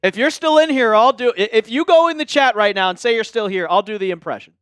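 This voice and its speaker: Male livestream host, smooth high voice in a dry room, jokey chat with viewers. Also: quick pace, a bit bright, dry recording, faint music behind. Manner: jokey, chatty, addresses viewers by name.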